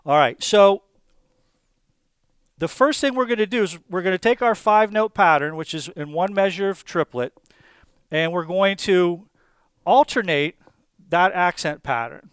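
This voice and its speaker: A man teaching a drum lesson, explaining patterns step by step in a calm, methodical way with small fillers. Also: high voice, a little slow, long pauses, clear, resonant tone, no echo. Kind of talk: instructional explanation.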